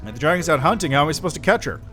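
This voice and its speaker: A man's voice: a little high, animated, very fast, pushed and bright, soft background music. A man streaming a game, chatting casually and reading the game's dialogue aloud.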